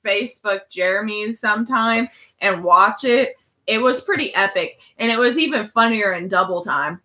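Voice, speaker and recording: Chatty woman with a bright voice. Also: mid-range voice, normal speed, low-quality recording. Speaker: co-host. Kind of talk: casual chat.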